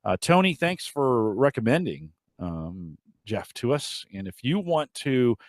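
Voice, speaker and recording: A man's voice: mid-range voice, sing-song, a little slow, no echo. A man hosting a podcast in casual, rambling chat with frequent restarts. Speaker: podcast host.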